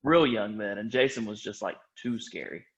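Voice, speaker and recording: A man's voice: on the low side, normal speed, lo-fi sound. A man co-hosting a casual gaming podcast, talking in a loose, rambling way and correcting himself as he goes. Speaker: podcast co-host.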